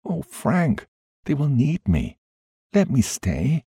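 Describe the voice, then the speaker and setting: A man's voice: on the low side, wildly swooping pitch, moderate pace, warm tone, breathy edge, dry recording, voice pushed up, heavily acted. Frail, earnest sick woman, read by a man, raised yearning voice, dry sound. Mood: pleading.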